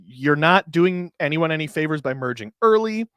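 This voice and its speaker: A man's voice: fairly high pitch, expressive, normal speed, fairly bright tone, clear, resonant tone, no room sound. A man hosting a podcast in casual chat, ranting with profanity and dry sarcasm.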